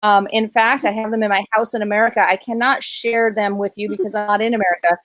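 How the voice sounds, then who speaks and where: A woman's voice: mid-range voice, steady tone, fast, a bit bright, no echo. A woman hosting an online interview, effusive and emotional. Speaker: host. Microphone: video call.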